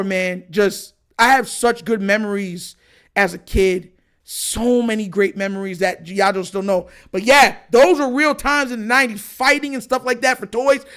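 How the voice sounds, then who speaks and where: Man, casual livestream storyteller, bright forceful tone, slangy. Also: very high voice, clean tone. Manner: animated, slangy, talks to chat. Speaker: livestream show host.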